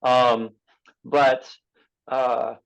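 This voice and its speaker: A man's voice: medium pitch, little pitch movement, drawn-out words, creaky, rough recording. A man who coaches triathletes, talking casually on a podcast and explaining through practical examples and quoted exchanges with athletes.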